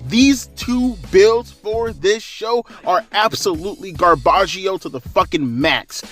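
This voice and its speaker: A man's voice: high-pitched, measured pace, a bit bright, soft background music. A man ranting about wrestling shows in heated, profane, rambling commentary.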